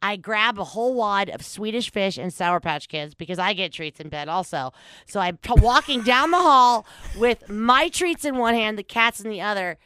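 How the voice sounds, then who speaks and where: A lively woman hosts a casual podcast, telling stories and reading news aloud with wry commentary. Her voice is smooth and clear, with dry, close sound, and she swears freely and jumps up and down in pitch. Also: normal speed, dry recording. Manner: animated, swearing, laughs often, big pitch swings. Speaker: podcast host. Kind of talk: casual chat.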